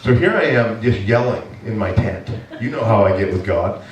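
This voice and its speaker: A man from Maine preaching a sermon as pastor, telling a hunting story in an animated way and breaking into loud exasperated shouts. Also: lowish voice, normal speed, highs cut off. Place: church sanctuary. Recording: echoey church hall, from a distance, faint noise.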